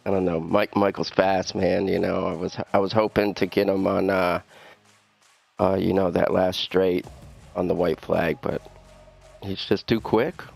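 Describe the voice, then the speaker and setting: A man being interviewed after a race, halting and full of fillers and restarts. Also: deep voice, little pitch movement, creaky, a little mellow, faint music behind. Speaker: racing driver.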